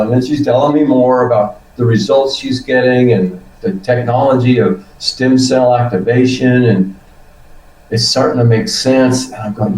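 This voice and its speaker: A man's voice: mid-range voice, moderate pace, darkish tone, echoey room, far from the mic, rough recording. A man in his seventies, a guest telling a rambling, casual story about himself, acting out his own reactions and swearing now and then. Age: 70s. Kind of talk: casual testimonial chat.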